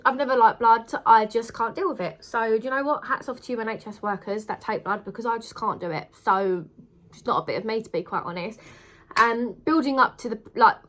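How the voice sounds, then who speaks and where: A young woman vlogging in a casual chat to camera. She talks in a gushing, emotional way, often repeating words for emphasis. Her voice sits a little high. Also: sharp tone.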